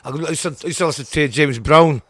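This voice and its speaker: A man's voice: a little high, a little fast, a crowd in the background. An older man with a Scottish accent, a punk singer interviewed as a guest, talking bluntly and swearing a lot as he rambles. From Scotland.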